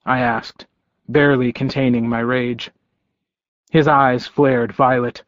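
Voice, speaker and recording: A man narrating a story in first person with a measured, calm delivery. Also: medium pitch, no echo, muffled recording. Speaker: audiobook narrator.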